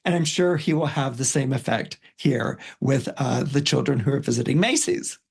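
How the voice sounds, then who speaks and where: A man's voice: mid-range voice, expressive, normal speed, gravelly, slightly rough. A man on a podcast casually retelling a film's story in a rambling way, with many fillers and restarts. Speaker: astrologer and podcast guest. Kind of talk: casual retelling of a film plot.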